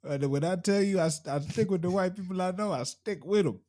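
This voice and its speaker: A man's voice: sits high, a little fast, dark tone. A young man co-hosting a podcast, laid-back and slangy, often repeating his lines. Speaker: podcast co-host. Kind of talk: casual chat.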